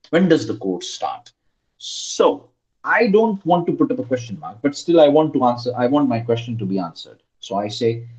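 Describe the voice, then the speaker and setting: A man's voice: on the low side, darkish tone, reverberant, dull audio. A male English teacher giving an online class, repeating prompts and coaxing his students to answer.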